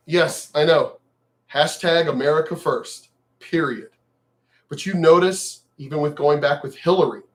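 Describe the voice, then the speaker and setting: A man in a profane, mocking political rant, repeating himself and shouting mock cheers. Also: sits high. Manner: angry, profane, repetitive, mocking. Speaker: video commentator.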